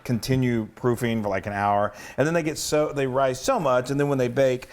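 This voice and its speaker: A man's voice: medium pitch, steady tone, fairly quick, background noise. A man co-hosting a cooking show, chatty and enthusiastic, often breaking off mid-sentence. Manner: chatty and enthusiastic, self-interrupting. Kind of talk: casual cooking demonstration.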